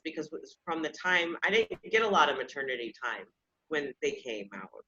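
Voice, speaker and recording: A woman's voice: fairly low pitch, moderate pace, sharp tone. A woman in her thirties hosting a podcast, telling personal stories in a candid, self-deprecating way and often laughing at herself. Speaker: podcast host. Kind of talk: casual personal storytelling. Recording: slightly dull lo-fi sound.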